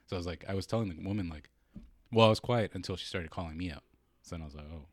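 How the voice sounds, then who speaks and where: Fast-talking low-voiced young man. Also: dry recording, clean studio sound. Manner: profane storytelling, animated quoting. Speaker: podcast co-host. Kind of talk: casual chat.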